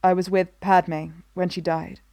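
A somber, weary senator delivers hard news in a measured, heavy tone, as a woman reader voices him. The voice sits fairly low and the sound is close and dry. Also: little pitch movement, gravelly, mellow, no echo. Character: grave, weary man, a senator and husband.

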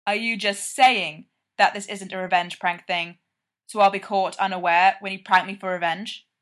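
A woman's voice: mid-range voice, fairly even intonation, normal speed, fairly bright tone, close to an everyday voice. A woman voicing an anxious, sweary young man in a read-aloud story, blurting out his words in a flustered way.

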